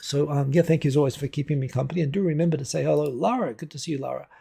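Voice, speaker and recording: A man's voice: fairly high pitch, very fast, gravelly, mellow, husky. A man from New Zealand hosting a casual livestream at home on a desk microphone, chatting loosely and answering viewer comments as they come in. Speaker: livestream host. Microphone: desk USB microphone.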